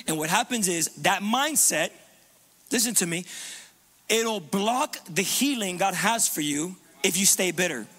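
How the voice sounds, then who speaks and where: Pastor guy preaching, high forceful voice, repeats himself a lot, soft music under it. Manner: impassioned, repetitive, swings between loud urging and hushed low tones. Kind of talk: sermon.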